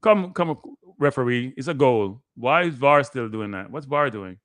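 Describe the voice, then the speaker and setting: A man, a guest analyst giving excitable live play-by-play commentary on a match he is watching. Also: mid-range voice, moderate pace, no echo. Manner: excitable, play-by-play that bursts into shouting.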